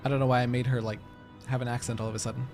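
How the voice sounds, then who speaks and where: A man's voice: mid-range voice, little pitch movement, racing, darkish tone, faint music behind. A man live-streaming a game, chatting to his viewers in a giggly, rambling way. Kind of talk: casual live-stream chat while gaming.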